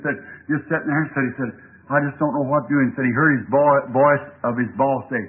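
A man preaching a sermon, retelling a story fervently and building to shouts, then praying. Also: mid-range voice, fairly even intonation, a little fast. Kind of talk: sermon with retold story and prayer. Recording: tinny lo-fi recording with faint hiss.

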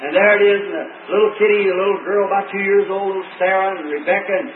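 A man's voice: high-pitched, fairly even intonation, quick pace, a little hiss or hum. A man preaching a revival sermon to a congregation, telling homey stories and rising into fervent exclamations. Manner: folksy storytelling, fervent. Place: meeting hall with congregation. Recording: tinny lo-fi old recording, roomy and distant.

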